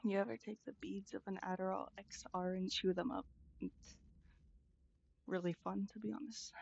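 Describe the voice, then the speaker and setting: A woman's voice: medium pitch, flat delivery, normal speed, gravelly, darkish tone, slight background noise. A woman streamer chatting casually while gaming, hesitant and full of ums and likes. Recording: dull lo-fi stream audio.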